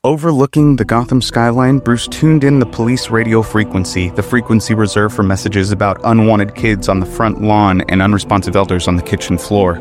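A man narrating a comedic story with wry, deadpan asides. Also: lowish voice, fairly quick, hardly any pauses, over music.

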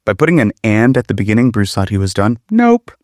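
A man narrating a comedic story with wry, deadpan asides. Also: lowish voice, rapid-fire, dry recording, clean studio sound.

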